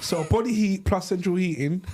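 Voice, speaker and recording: A man, a podcast co-host telling lively, laughing stories in casual slang. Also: high-pitched, normal speed, breathy edge. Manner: animated, laughing storyteller with slang. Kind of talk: casual storytelling with friends. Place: live podcast studio.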